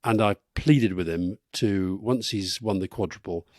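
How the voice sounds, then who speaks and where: Lower-voiced man telling wry stories. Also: a little slow, a little mellow, dry recording, studio quality. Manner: anecdotal, wry storytelling with laughs. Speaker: podcast co-host. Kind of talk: live podcast conversation. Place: live stage event.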